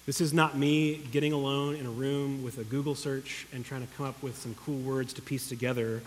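A man's voice: mid-range voice, level tone, fairly quick, a little hiss or hum. Earnest male pastor in a reverberant hall. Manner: earnest, emotional, calls out to the congregation. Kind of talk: sermon. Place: church hall. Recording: long echo of a large hall.

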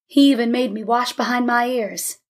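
A woman voicing a guarded working-class father who is gentle with his son. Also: fairly high pitch, steady tone, moderate pace, lightly acted.

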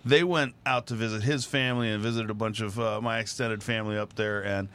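Male co-host, low but bright tone, halting casual storyteller. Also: steady tone, clean tone. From Michigan family roots, United States. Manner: halting, stops and restarts with uh. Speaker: podcast co-host. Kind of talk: casual chat.

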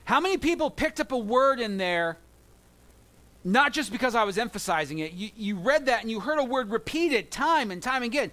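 A man with a high-pitched voice preaches to his congregation. He keeps it conversational and leans on key words by slowing right down. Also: sing-song, a bit bright. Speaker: pastor. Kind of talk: sermon.

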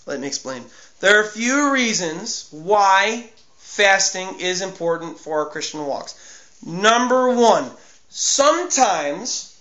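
A man with a high, bright, sharp voice preaches in an earnest and emphatic way, circling back over his own phrases. The recording is dull and lo-fi, with a roomy echo around him. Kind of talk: sermon on fasting.

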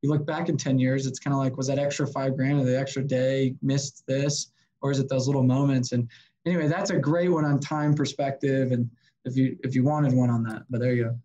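A sales consultant in casual conversation, telling animated stories and acting out what people said to him. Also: male voice, mid-range voice, a little fast, dull audio. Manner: animated, story-driven, acts out quotes. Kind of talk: casual podcast chat, storytelling.

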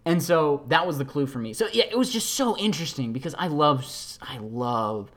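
Chatty podcaster telling a story. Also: moderate pace. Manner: chatty, heavy use of "like", animated retelling with quoted voices; shifts between excited high bursts and low, quiet asides. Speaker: podcast host, actor. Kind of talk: casual monologue.

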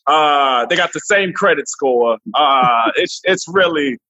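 A man guest on a remote interview, telling animated stories with frequent laughs and restarts. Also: a little high, takes it slowly, no echo, muffled recording. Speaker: guest comedian. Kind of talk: casual interview chat. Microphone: remote call.

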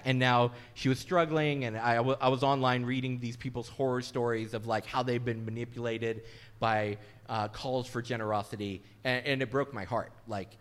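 Candid middle-aged male pastor preaching. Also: mid-range voice. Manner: candid, conversational, self-deprecating. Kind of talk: sermon.

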